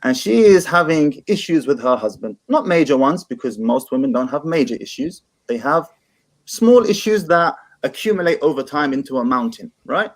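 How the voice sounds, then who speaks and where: A man's voice: on the high side, lively intonation, moderate pace. A man in a heated online debate, pressing his opponent and repeating his question.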